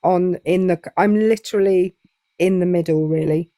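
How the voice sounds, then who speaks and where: A woman's voice: lowish voice, steady tone, moderate pace, dark tone, dry recording. A young English woman chatting casually as a guest on a live stream, hesitant with many fillers. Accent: English, southern Midlands. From England.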